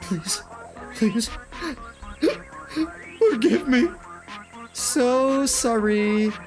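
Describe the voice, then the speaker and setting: A timid young man stammers and begs, his voice pitched up and small. He sounds cornered and meek. Game music runs underneath, voiced by a man reading the part. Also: lively intonation, extremely slow, darkish tone, full character voice. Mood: frightened.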